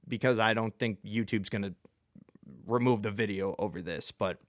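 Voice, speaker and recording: A man's voice: fairly low pitch, normal speed, dry recording, clean studio sound. A man hosting a sports show with casual, rambling commentary. He is self-deprecating and chuckles in the middle of sentences.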